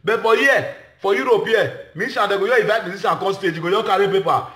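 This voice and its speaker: Nigerian Pidgin-speaking male comedian, high voice, passionate speech in a roomy space. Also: fast talker, hardly any pauses, a bit bright. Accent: Nigerian Pidgin English. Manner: emphatic, repetitive, shifts between Pidgin and English. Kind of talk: impassioned speech to a gathering.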